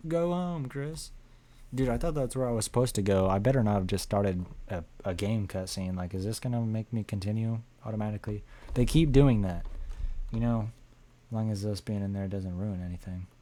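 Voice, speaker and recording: A man's voice: fairly low pitch, fairly quick, dark tone. A tired man streaming a video game, rambling and joking in a casual way. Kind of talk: casual game livestream commentary.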